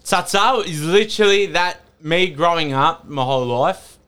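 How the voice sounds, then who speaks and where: A man's voice: a little high, expressive, moderate pace, a bit bright, clear, resonant tone. An Australian man chatting casually as a podcast guest, rambling and laughing often, restarting his sentences.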